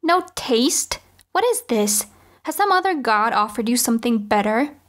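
A woman's voice: a little high, expressive, normal speed, close to an everyday voice. Woman reading as a cold, imperious goddess. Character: proud, wrathful goddess, female, ageless.

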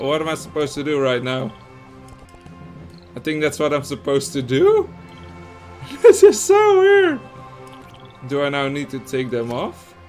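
A young Belgian man with Dutch as his first language, giving excitable, swear-heavy let's-play commentary with lots of laughing. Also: mid-range voice. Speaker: gaming streamer.

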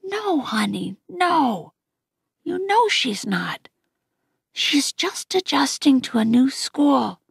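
A woman's voice: sits high, big pitch swings, slow, vocal fry, no echo, clean studio sound, pitched above the performer's own voice, exaggerated voice. A woman voicing a tired, tender mother who soothes her son in a whisper.

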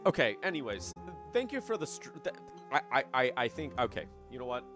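A man's voice: mid-range voice, sing-song, fairly quick, a bit bright, soft background music. A man casually live-streaming a game, playful and giggly, chatting to his viewers.

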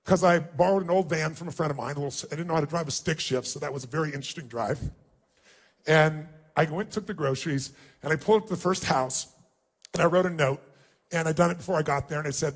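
Emphatic male storyteller, high voice. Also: quick pace. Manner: emphatic, emotional storytelling with acted-out quotes. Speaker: motivational speaker. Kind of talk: personal storytelling speech.

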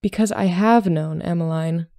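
A woman reading a matter-of-fact young gentleman. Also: high-pitched, normal speed, vocal fry, no echo, studio quality. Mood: steady. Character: calm, plain-spoken young gentleman suitor.

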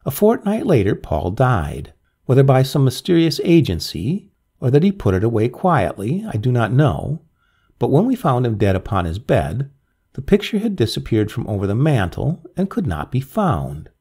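A man narrating a dramatic old ghost story in an expressive, measured way. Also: medium pitch, breathy edge.

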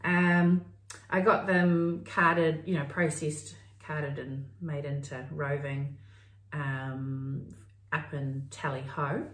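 A woman's voice: sits low, fairly even intonation, takes it slowly, fairly bright tone. A middle-aged New Zealand woman co-hosting a crafting podcast, chatting in a meandering way and thinking aloud. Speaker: podcast co-host. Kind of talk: casual crafting chat. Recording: roomy, mic at a distance.

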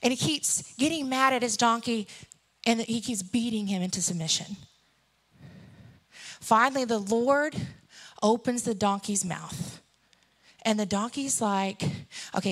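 A woman's voice: on the high side, pushed and bright. A woman in her thirties preaching a sermon, telling stories and acting out the characters. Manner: storytelling, acts out characters.

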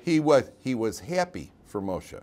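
A man teaching a lively Torah class as a rabbi, telling stories animatedly and laughing often in front of his students. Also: medium pitch, a little slow. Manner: animated, acts out quotes in put-on voices, laughs often.

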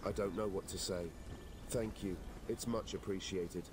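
A man's voice: deep voice, steady tone, normal speed, noisy background, natural voice. A man voicing a proud, condescending village elder in a game, speaking formally.

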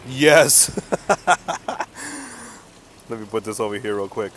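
A man's voice: lowish voice, takes it slowly, a bit bright, a little hiss or hum. A young man live-streaming a mobile game outdoors on a city street, chatting to viewers in a hyped, slangy way and calling everyone dude and man.

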